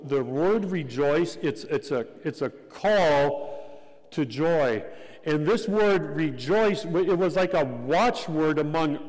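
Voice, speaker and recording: A man preaching a sermon as pastor, measured and deliberate, repeating key phrases for emphasis. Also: on the high side, a little mellow. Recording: long hall reverb.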